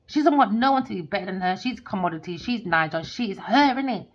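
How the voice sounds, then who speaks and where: A woman's voice: mid-range voice, expressive, fast. A woman, a tarot reader ranting heatedly and swearing in a monologue. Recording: dull lo-fi recording.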